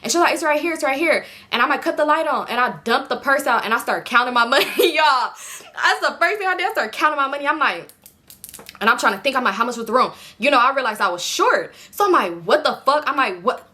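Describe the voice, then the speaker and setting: A woman's voice: sits high, fast talker. A young woman from California telling a personal story in a casual vlog, animatedly acting out what everyone said, with lots of swearing. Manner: animated retelling, voices others with expletive-laden quoted outbursts. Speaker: storytime vlogger.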